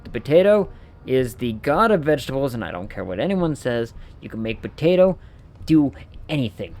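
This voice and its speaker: A man's voice: mid-range voice, sing-song, normal speed, darkish tone. A man streaming a game, riffing with playful mock outrage and rambling enthusiasm. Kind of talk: casual gameplay commentary.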